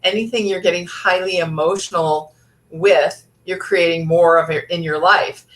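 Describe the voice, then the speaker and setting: A woman's voice: fairly low pitch, fairly even intonation, moderate pace, fairly bright tone. A woman life coach giving an earnest motivational talk, with many fillers and restarts.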